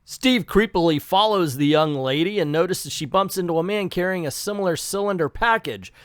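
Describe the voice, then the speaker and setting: A man's voice: high-pitched, brisk, clear, resonant tone, no room sound, studio quality. A man reading an old comic aloud and breaking off for sarcastic, crude asides. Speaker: comic book reviewer. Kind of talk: comic reading with jokey commentary.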